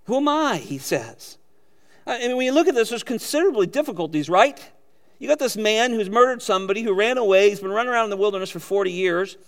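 Animated, high-voiced male pastor preaching. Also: fast, in a large hall. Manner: animated, acts out quotes, chuckles often. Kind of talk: sermon.

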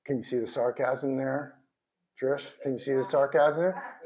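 A man preaching a sermon in a conversational, animated way, with bursts of shouted emphasis. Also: mid-range voice, moderate pace. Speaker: pastor.

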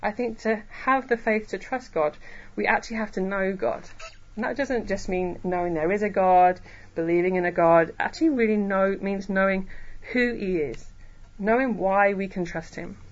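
A woman preacher giving a sermon to a church congregation, earnest and emphatic, slowing down on key phrases. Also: medium pitch, dull audio. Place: church hall.

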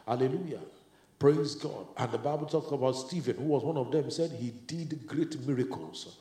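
A man's voice: mid-range voice, animated, mellow. Fervent male preacher in echoey room. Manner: halting, full of filler sounds; fervent, praying in tongues. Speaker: pastor leading prayer. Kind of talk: sermon and group prayer. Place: retreat meeting room.

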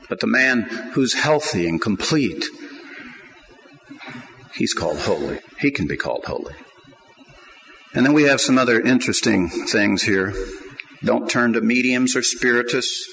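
A middle-aged man preaching a sermon, swinging between quiet asides and loud emphatic points. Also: medium pitch, lively intonation, a little slow, gravelly, rough recording. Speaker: pastor.

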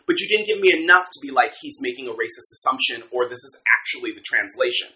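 A man co-hosting a casual podcast, critiquing a book in an animated way, swearing freely and acting out quotes. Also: mid-range voice, fast talker, few pauses, low-quality recording. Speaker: podcast co-host.

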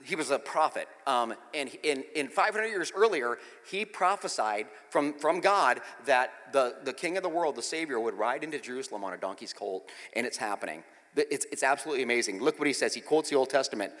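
A man in his forties preaching a sermon, telling stories and acting out scenes, swinging from quiet asides to loud outbursts. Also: medium pitch, animated, a little fast, hardly any pauses. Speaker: pastor. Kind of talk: sermon with storytelling. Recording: reverberant hall.

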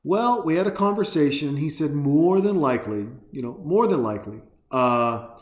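A man's voice: a little high, lively intonation, normal speed, echoey room. A man casually ranting and making sarcastic, profane commentary while reacting to a movie.

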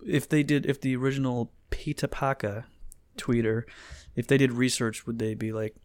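A man's voice: medium pitch, steady tone, brisk, darkish tone, no echo, clean studio sound. An American man co-hosting a podcast, chatting casually and joking sarcastically while reading posts aloud. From United States. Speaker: podcast co-host.

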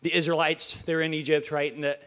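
A man's voice: on the high side, level tone, fast, fairly bright tone. A man preaching a casual, joking sermon from a church stage, chatty and playful, with stammered restarts and questions to the congregation.

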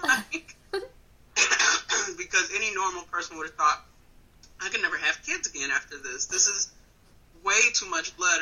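Wisconsin woman in her thirties, comic storyteller, animated and giggly, wide pitch swings. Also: slightly rough, rough recording. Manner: animated, laughing often, swings between loud and quiet. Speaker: comedian guest. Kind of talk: casual storytelling on a phone call. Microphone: phone call.

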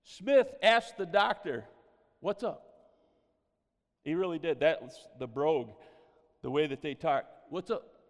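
A man preaching a sermon, telling stories with animated exclamations of praise. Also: on the high side, moderate pace, big-room sound.

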